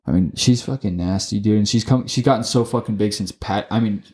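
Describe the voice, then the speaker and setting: Young guy on a fight podcast, swears nonstop, stumbles over words, lowish mellow voice. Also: a little fast. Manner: profane, excitable, stumbles and repeats words. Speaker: podcast co-host. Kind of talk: casual sports chat.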